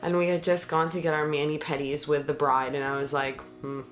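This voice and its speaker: A woman's voice: low voice, level tone, fairly quick, soft background music. A young pregnant woman talking earnestly and emotionally to her viewers in a casual vlog, with many fillers. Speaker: vlogger. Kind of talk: casual vlog talk to camera.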